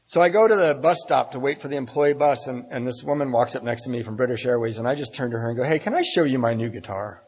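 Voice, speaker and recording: A man's voice: mid-range voice, quick pace, hardly any pauses, darkish tone. A middle-aged man giving a personal recovery talk at a meeting, telling his story with self-mocking humor and acting out the dialogue. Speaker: AA speaker. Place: meeting hall. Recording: husky voice in a long-reverb hall.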